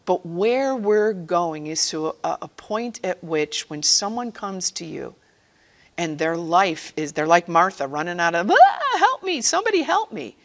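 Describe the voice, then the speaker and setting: A woman's voice: fairly low pitch, a little slow. Earnest woman sharing her faith story. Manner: earnest, conversational, acts out quotes. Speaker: speaker at a catechist training session. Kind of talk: personal faith-sharing talk.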